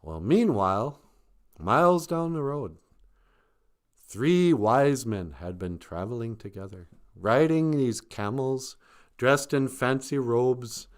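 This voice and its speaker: A man's voice: medium pitch, expressive, slow. Casual chuckling male storyteller. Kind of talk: casual storytelling on a live stream.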